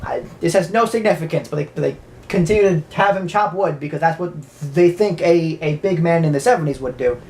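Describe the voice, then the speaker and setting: A woman's voice: deep voice, fairly quick, a little mellow. A woman casually recapping a horror movie, rambling, stammering often and swearing freely. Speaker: movie reviewer.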